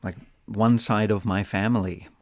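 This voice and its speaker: A man's voice: fairly low pitch, steady tone, normal speed, dry recording. A man co-hosting an English-learning podcast, chatting casually and playfully, given to jokes. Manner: playful, jokes and does silly voices. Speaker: podcast co-host and English teacher.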